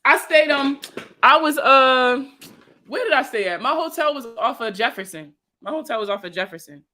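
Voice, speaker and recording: A woman's voice: high-pitched, animated, normal speed, bright, forceful tone. A young woman with a Baltimore accent, hosting a money livestream in a loose, slangy, chatty way and greeting viewers by name. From Baltimore, USA. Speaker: financial educator hosting a livestream. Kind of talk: casual livestream chat answering viewer comments.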